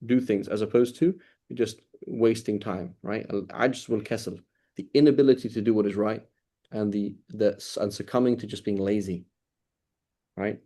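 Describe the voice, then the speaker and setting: A religious teacher gives an informal lesson in a warm, fairly low voice with fairly even intonation and a moderate pace. He talks conversationally, repeats phrases to drive points home, and keeps the class with him by asking "right?" again and again.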